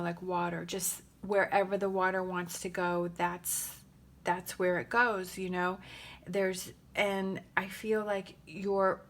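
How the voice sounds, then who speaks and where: A woman giving a casual tarot reading in a gentle, rambling and emotional way, with many pauses and fillers. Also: medium pitch. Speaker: tarot reader.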